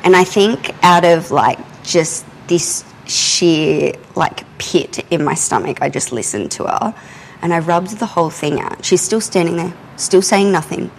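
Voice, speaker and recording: A young adult woman, telling a candid personal story in a casual, animated way while she works in her art studio. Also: fairly low pitch, a little slow, gravelly, slight background noise, poor audio. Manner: animated, candid, often swears and laughs. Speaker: artist and podcast host. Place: art studio, drawing and climbing ladders while talking.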